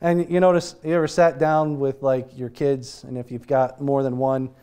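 A man's voice: medium pitch, flat delivery, normal speed, warm tone, clean tone. A man with an American accent preaching a conversational sermon as pastor, asking rhetorical questions and chuckling now and then.

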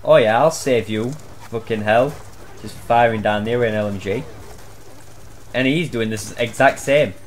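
A man's voice: medium pitch, moderate pace, long pauses, slight background noise. A young man giving gameplay commentary, swearing often and breaking into exasperated outbursts. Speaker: gaming channel host.

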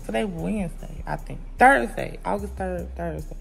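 A woman's voice: lowish voice, moderate pace, gravelly, faint music behind. A young woman vlogging casually at home to her viewers, chatty and playful, full of slang. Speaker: vlogger and mother. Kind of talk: casual vlog talk to viewers. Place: home, indoors.

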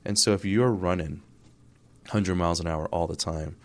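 A man's voice: low-pitched, moderate pace. A man who is a pastor and a podcast guest, talking in a reflective, candid way, with small laughs and restarts. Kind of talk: casual reflective conversation.

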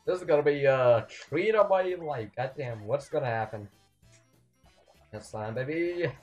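A young man commentating his own gameplay, excitable, swinging between yelling and muttering at the game. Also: medium pitch, unhurried, faint music behind. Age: young adult. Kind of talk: let's play commentary.

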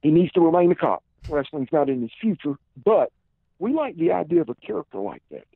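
A man in his fifties with a Southern accent, telling long stories in a relaxed way as a podcast guest, heard over a tinny phone line. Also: on the high side, brisk, gravelly, slightly rough, dry recording. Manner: relaxed storyteller, many "uh" and "and" fillers. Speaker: podcast guest, former pro wrestler. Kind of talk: casual storytelling interview.

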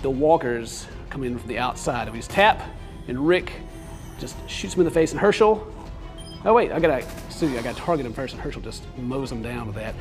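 A man's voice: mid-range voice, lively intonation, a little fast, music in the background. A young man giving goofy, rambling commentary as he plays a mobile game. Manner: goofy, rambling, self-amused. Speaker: gaming video host. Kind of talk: casual let's play commentary.

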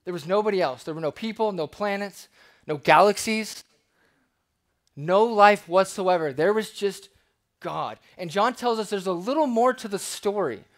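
A man preaching a sermon as pastor, conversational and lively, with playful asides. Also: high voice, normal speed.

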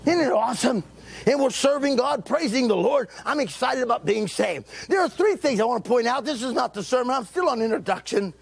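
Old preacher man, late 70s, fired-up sermon, gravelly and breathy, shouts and repeats himself. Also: very high voice, lively intonation, brisk. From Texas. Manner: fervent preaching, repeats phrases, often shouts. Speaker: pastor. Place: church sanctuary.

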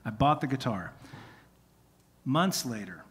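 A singer-songwriter performing live tells casual, rambling stories between songs on a music venue stage, breaking in on himself as he goes. His mid-range voice is animated but slow, slightly rough, and tired from singing. The live concert stream carries a long hall reverb.

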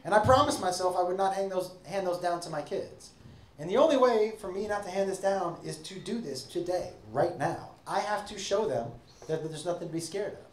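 A middle-aged American man doing stand-up, telling a story and acting out voices with sudden shouts and shrieks. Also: sits high, fairly quick, slight background noise. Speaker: stand-up comedian. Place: comedy club stage. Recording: roomy club sound with audience.

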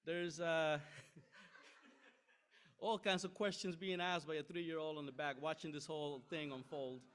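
A middle-aged man preaching a sermon, telling a story with lively asides and frequent "right?" checks to the room. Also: fairly high pitch, a little slow. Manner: animated, self-deprecating anecdote with frequent "right?" asides. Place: church sanctuary.

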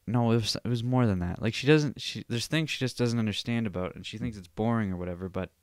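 Young male podcaster, solo rant, crisp dry voice, swears a lot, rambles. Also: fairly low pitch, fast talker, no echo. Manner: profane, rambling, animated storytelling. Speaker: podcast host.

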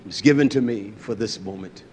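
An older man preaching an animated sermon, swinging between loud bursts and low asides. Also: fairly quick, husky.

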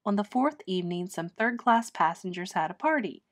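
With a medium-pitched voice at normal speed, a woman teacher reads a children's chapter book aloud, storytelling clearly and expressively.

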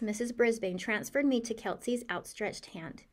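A woman reading a children's chapter book aloud in the voice of a cheerful, curious hamster narrator, with a lively, expressive delivery. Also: fairly high pitch, normal speed. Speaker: audiobook reader. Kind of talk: storybook narration.

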